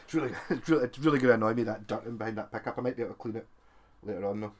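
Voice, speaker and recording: Rapid-fire and mid-range in voice, a man thinks aloud as he works on a guitar. This guitar tinkerer and video maker stays chatty and self-mocking while his hands keep busy.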